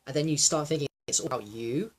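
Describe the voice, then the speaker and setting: A young man in a raw personal monologue, reflective and halting, with many fillers and restarts, sometimes close to tears. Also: on the high side, a little hiss or hum. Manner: emotional, close to tears at times. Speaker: wellness vlogger.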